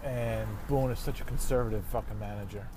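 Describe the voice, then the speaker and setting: A man's voice: fairly low pitch, steady tone, fairly quick, background noise. A man ranting in a casual, profane, rambling way while driving in his car. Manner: heated, swearing, rambling. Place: inside a car.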